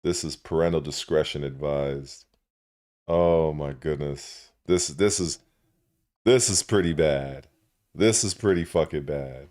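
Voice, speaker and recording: Slow, very deep-voiced male streamer. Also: a little mellow. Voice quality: profane, nostalgic and laid-back. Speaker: channel host. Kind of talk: casual live-stream commentary.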